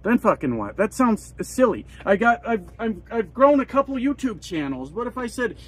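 A man's voice: high-pitched, sing-song, normal speed, breathy edge, rough recording. A man in his forties, a truck driver and vlogger, ranting in an exasperated, swearing, rambling way. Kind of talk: profane heated rant.

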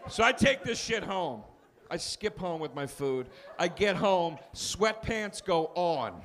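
High-voiced man doing stand-up. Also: measured pace. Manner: animated storytelling, shouted punchlines, acts out characters. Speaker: stand-up comedian. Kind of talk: stand-up set. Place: comedy club stage. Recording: live club recording with crowd noise. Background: audience laughter.

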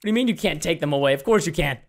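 A man's voice: on the high side, lively intonation, rapid-fire. A man hosting a gaming video, bantering and trash-talking his friends with frequent laughter. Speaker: gaming channel host.

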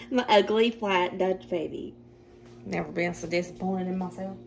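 A woman's voice: mid-range voice, a little hiss or hum. Chatty Southern woman cooking at home. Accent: Southern American. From Southern United States. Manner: chatty, self-deprecating, quick to laugh. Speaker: cooking vlogger. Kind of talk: casual cooking demonstration. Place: home kitchen.

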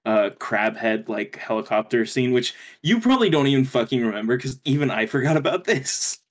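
A man's voice: mid-range voice, expressive, brisk. A young man co-hosting a podcast, talking about a fan game in a rambling, casual way, swearing freely and laughing often. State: hiccuping. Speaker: podcast co-host. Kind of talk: casual gaming chat.

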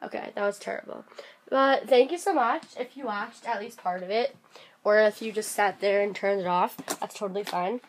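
A woman with a sore, hoarse throat chats straight to camera while sitting on her bed at home. She talks quickly, casually and a little self-deprecatingly, apologizing for how she sounds. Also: mid-range voice. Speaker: vlogger.

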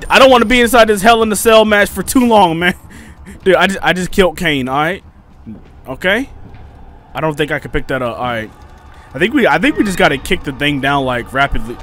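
Excitable young man narrating his gameplay. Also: fairly high pitch, fairly quick, a little hiss or hum. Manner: jokey, excitable, yelps and shouts when attacked. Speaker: gaming YouTuber. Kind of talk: casual let's play commentary.

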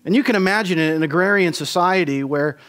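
A man preaching a Christmas Eve sermon in a church, measured and deliberate, slowing down to stress key phrases. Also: high voice, fairly bright tone. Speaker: pastor. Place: church sanctuary.

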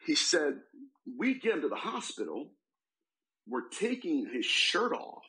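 A man, a demonologist guest in a podcast interview, telling a case story in an animated way and quoting the people in it. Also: fairly high pitch, measured pace, rough recording. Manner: animated, retells a case with quoted voices.

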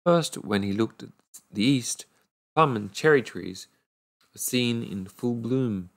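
A man reading a fairy tale aloud at an unhurried pace, often stumbling over words and restarting. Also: medium pitch, lively intonation, creaky. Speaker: storyteller.

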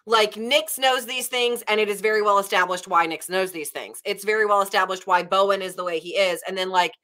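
A young woman with a Southern American accent chats about books in a loose, rambling way. She often pauses on fillers. Her voice is bright and clear at an ordinary pitch. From Nashville, Tennessee, USA. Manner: rambling, animated retelling with many fillers. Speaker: book club host. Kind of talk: casual chat.

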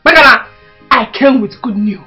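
An actress with a Nigerian accent playing an excited young woman who brings good news home to her mother, loud and exclamatory. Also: on the high side, normal speed, faint music behind, low-quality recording. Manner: loud, exclamatory, tearful bursts. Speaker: actress in a film.

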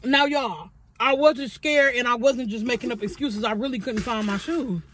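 High-voiced young woman telling a story. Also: normal speed, a little hiss or hum. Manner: animated storytelling, acts out quotes, swears freely. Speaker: vlogger. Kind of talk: storytime while eating on camera.

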